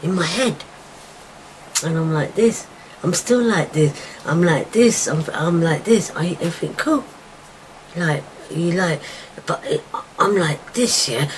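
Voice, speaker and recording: Middle-aged woman, low voice, raw and emotional personal account, jumps from shouting to whispering, faint background hiss. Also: lively intonation, unhurried, pauses often, poor audio. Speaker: mother telling her daughter her story.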